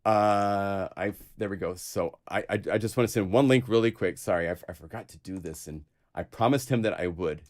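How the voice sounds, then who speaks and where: A man hosting a casual livestream chat, chatty and quick to laugh, talking over a video call. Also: fairly low pitch. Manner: chatty, laughs often, excitable. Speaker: host.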